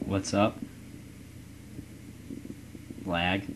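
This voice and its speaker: Young man, gameplay commentary, low voice, loud hiss under the recording. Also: little pitch movement, drawn-out words. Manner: rambling, swears at rival nations, reads game text aloud. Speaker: let's player.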